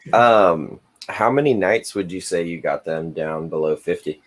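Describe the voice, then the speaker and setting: A man co-hosting a podcast, chatting casually with brief, unhurried remarks. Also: low-pitched. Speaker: podcast co-host. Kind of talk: casual chat.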